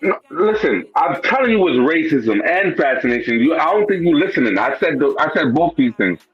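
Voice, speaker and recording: This guest, from Brooklyn, New York, speaks a little high, brisk and expressive, with a breathy edge, telling a casual, profane, streetwise personal story loaded with "bro" and "you know what I'm saying." The sound is dry and lo-fi, faint music behind him.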